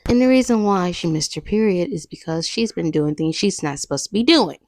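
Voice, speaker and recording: A woman's voice: lowish voice, lively intonation, fairly quick, darkish tone, dry recording. A woman hosting a podcast, chatting casually through a film recap with sassy asides. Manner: chatty, sassy asides, breaks into character voices. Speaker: podcast host.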